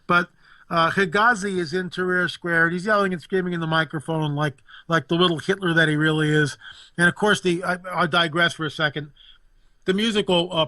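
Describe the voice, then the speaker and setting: An indignant man holds forth as a guest commentator, hammering points home with repetition. His voice sits a little high and comes across bright and forceful. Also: dry recording. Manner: emphatic, indignant, repeats phrases for effect. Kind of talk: impassioned political talk.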